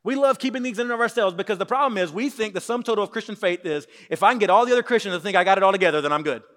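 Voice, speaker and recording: A man in his thirties preaching a sermon, animated, acting out quotes with shifts in voice. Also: high voice, rapid-fire. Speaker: pastor. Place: church sanctuary with congregation. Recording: long hall reverb.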